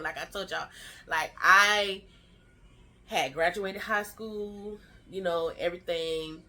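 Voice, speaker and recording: A woman in her thirties telling a chatty, animated storytime to her vlog viewers. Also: mid-range voice, unhurried. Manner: animated storytelling, acts out quoted family lines; chatty and slangy, fillers like "child" and "y'all". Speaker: vlogger.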